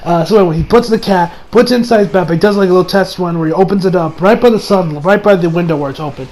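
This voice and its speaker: A man with a notably high-pitched voice talks through an anime episode he just watched. His recap is casual and excitable, full of restarts and casual swearing. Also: fast talker, rough recording. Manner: excitable and rambling, swears freely, restarts sentences.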